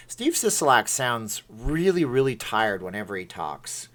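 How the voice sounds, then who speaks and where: A middle-aged man chatting on his own livestream in a loose, rambling way. He reads viewers' comments aloud and laughs at his own attempts. The tone is playful and unhurried. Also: mid-range voice, very animated, a bit bright. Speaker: livestream host. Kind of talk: casual livestream chat.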